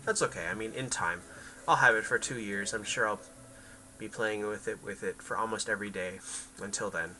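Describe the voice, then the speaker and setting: A man's voice: fairly low pitch, moderate pace, pushed and bright, a little hiss or hum, poor audio. A man chatting casually on a game livestream, rambling to his viewers and his cat. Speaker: game streamer.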